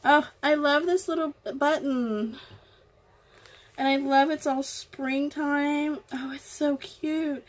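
Gushing slow-talking woman crafter. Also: sits high. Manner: gushing, affectionate, slow and drawn-out. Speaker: crafting vlogger. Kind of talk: casual unboxing chat.

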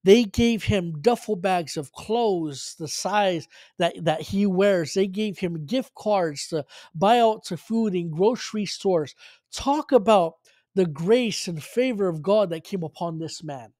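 A man's voice: sits high, expressive, slow, darkish tone, dry recording, clean studio sound. A man preaching, earnestly telling a personal faith story with frequent restarts and fillers. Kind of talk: sermon testimony storytelling.

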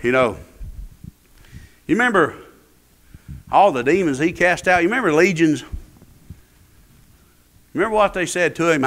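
A man's voice: on the high side, animated, normal speed, long pauses, fairly bright tone. A man preaching a sermon in an emphatic, rising and falling cadence. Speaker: pastor. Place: church.

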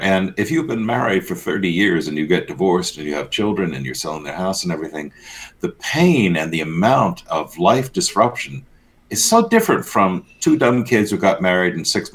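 Lively low-voiced man, blunt and sardonic. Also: normal speed. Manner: blunt, sardonic, animated commentary. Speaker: co-host and church commentator. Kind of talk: casual news banter.

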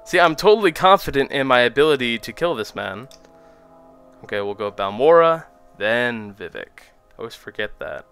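A man's voice: mid-range voice, normal speed, smooth, soft background music. A young man giving casual, joking commentary while he plays a video game. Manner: joking, self-mocking, animated. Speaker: let's play host.

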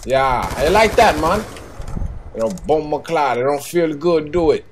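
Young man playing a boastful Jamaican-accented hothead, voice sits a bit high, shooter gunfire loud underneath. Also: animated, a little slow, noisy background. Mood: heated. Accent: put-on Jamaican. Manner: swearing, taunting, boastful trash talk. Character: hotheaded trash-talking Jamaican gamer man. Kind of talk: in-game voice chat trash talk. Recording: game gunfire behind voice chat.

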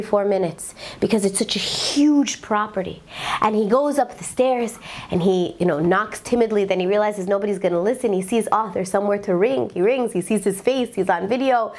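A woman giving a religious talk, telling a story in an animated, dramatic way and dropping in Hebrew terms. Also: mid-range voice.

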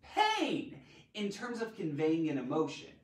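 Theatrical man teaching grammar, very animated. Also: a little high, unhurried. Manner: theatrical and playful, with sudden loud exclamations. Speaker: grammar teacher hosting a live stream. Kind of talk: lively live-streamed grammar lesson. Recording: roomy echo, mic at a distance.

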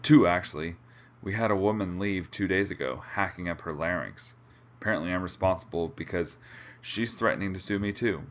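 A man reading aloud, voicing a calm, matter-of-fact male expedition leader. The recording sounds dull and lo-fi. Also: low-pitched, fairly quick, close to an everyday voice. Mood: firm.

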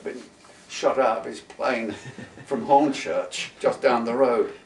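A man, telling wartime memories in a lively, folksy way with plenty of asides. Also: medium pitch, measured pace, hardly any pauses. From London, England. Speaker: interviewee, wartime veteran. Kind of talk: casual spoken recollection. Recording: roomy, distant mic with faint guitar music.

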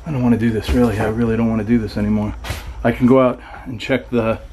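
A man's voice: medium pitch, little pitch movement, quick pace, a little mellow, slight background noise. A man filming himself alone in an abandoned trailer at night, talking in a nervous, scared way, swearing often and dropping to a whisper. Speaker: paranormal vlogger. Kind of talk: nervous ghost-hunting vlog narration. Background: crickets and insects at night.

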